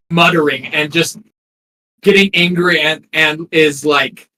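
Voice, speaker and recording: Hesitant game master, slightly high voice. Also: male voice, unhurried, sharp tone, low-quality recording. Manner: hesitant, many ums and restarts. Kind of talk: narrating a tabletop game.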